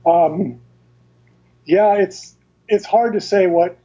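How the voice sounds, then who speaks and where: A male guest in an interview works through his explanations carefully and in detail, often faltering and starting over. His voice is high and mellow, coming through dull, lo-fi remote audio.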